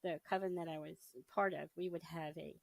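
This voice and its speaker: A middle-aged woman giving a personal testimony in an interview, telling her story in a casual, animated way and often laughing as she acts out her past thoughts. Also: sits low, brisk, creaky, no room sound, poor audio. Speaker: interview guest.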